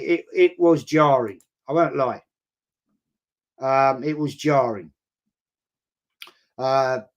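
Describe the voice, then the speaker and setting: A middle-aged man, hosting a casual football chat and reading out viewer comments in a rambling, chatty way. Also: a little high.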